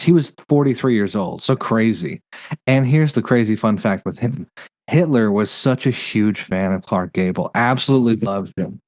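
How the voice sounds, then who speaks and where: Male podcast host with a lower voice, dry close sound, casual review chat, reels off facts in quick bursts. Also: a little mellow, no room sound.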